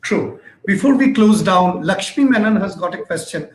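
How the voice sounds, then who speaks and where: A man's voice: high voice, lively intonation, moderate pace. A man hosting an interview, who speaks hesitantly with many fillers and keeps affirming his guest. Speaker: interviewer, host. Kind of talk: conversational interview. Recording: echoey room.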